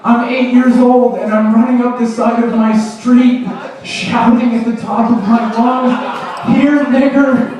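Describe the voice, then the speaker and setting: Man, stand-up comic, high voice, deadpan and crude, echoey club, distant mic, crowd laughing. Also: unhurried. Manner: deadpan, offhand delivery with crude jokes. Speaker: stand-up comedian. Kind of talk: stand-up set. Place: comedy club stage. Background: audience laughing.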